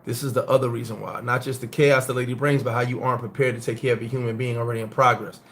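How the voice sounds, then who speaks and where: A middle-aged man who grew up in the United States, hosting a casual live-stream chat and telling stories in a blunt, profane, animated way. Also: medium pitch, very fast. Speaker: host.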